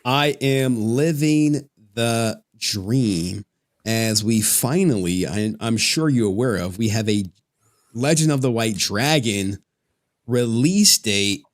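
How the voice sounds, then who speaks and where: A man's voice: mid-range voice, expressive, slow. A man hosting a livestream, chatting casually with plenty of profanity and frequent laughter. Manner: joking, profane, laughs often. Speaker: livestream host.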